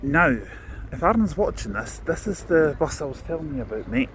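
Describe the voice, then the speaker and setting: A man's voice: fairly high pitch, sing-song, brisk, creaky. Man commentating outdoors by traffic. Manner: chatty, reads out registration plates one by one. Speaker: vlogger filming a bus rally. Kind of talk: casual commentary while filming. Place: outdoors at a vintage bus rally. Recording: outdoor noise with passing vehicles.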